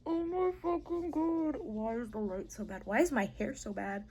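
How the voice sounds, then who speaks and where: Excitable young woman gushing about books. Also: a little high, normal speed, a little hiss or hum. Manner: excitable, gushing, swears a lot. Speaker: book vlogger. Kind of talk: casual vlog chat.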